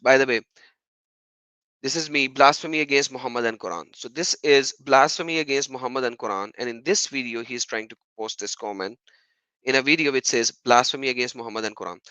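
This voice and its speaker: Emphatic man with a bright, dry voice. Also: mid-range voice, clean tone, dry recording, rough recording. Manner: emphatic, repetitive, rhetorical questions. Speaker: YouTuber responding to comments. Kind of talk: monologue commentary vlog.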